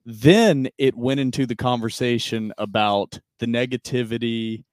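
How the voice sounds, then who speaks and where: A man's voice: mid-range voice, a little slow, a little mellow, no echo, clean studio sound. A young man co-hosting a podcast in casual chat, laying out timelines and arguments point by point. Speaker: podcast co-host.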